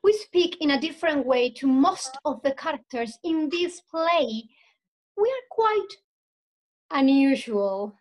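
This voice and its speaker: A performer voicing a strange witch from the weird sisters who talks slowly and drags out words. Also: high voice, expressive, low-quality recording. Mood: eerie. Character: high-voiced strange witch.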